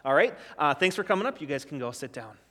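A man leading a children's sermon as a pastor, gentle and encouraging, often restarting his sentences. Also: fairly high pitch, big pitch swings, fast, big-room sound. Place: church sanctuary.

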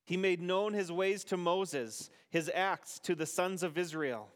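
A male pastor reads scripture aloud to his congregation, unhurried and deliberate. His voice sits somewhat high for a man and comes through smooth and resonant. The sound carries the long reverb of a church hall. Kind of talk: sermon and scripture reading. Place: church sanctuary.

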